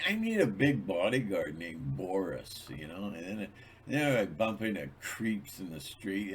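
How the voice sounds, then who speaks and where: A man's voice: sits low, very animated, unhurried, slight background noise. A man hosting his own channel, talking in a rambling, digressive monologue with many restarts. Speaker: channel host.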